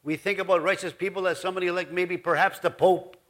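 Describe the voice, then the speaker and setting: A man's voice: sits high, steady tone, fast talker, fairly bright tone. A man pastor giving a folksy, rambling sermon in his church, full of asides. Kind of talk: conversational sermon.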